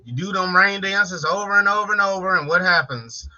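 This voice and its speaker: A man's voice: high voice, fairly quick, pushed and bright. Joking profane man on lo-fi stream. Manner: joking, profane, greets chat viewers. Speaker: live stream co-host. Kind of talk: casual late-night live stream chat.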